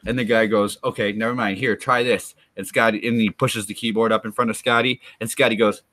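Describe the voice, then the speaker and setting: A man's voice: lowish voice, fairly even intonation, a little fast, pushed and bright, dry recording. A man streaming live, rambling and joking through loose asides to his chat.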